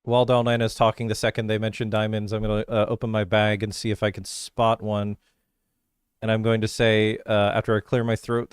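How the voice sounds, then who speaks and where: A man's voice: on the low side, monotone, fairly quick, clean tone, no echo, studio quality. A man playing a tabletop game, describing his character's actions in a chatty way. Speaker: player.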